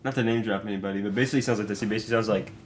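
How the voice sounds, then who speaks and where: A man's voice: fairly low pitch, fairly even intonation, a little hiss or hum. A young man co-hosting a casual podcast, teasing his friends and laughing between remarks. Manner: teasing, laughing, quick asides. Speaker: podcast co-host. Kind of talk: casual chat among friends.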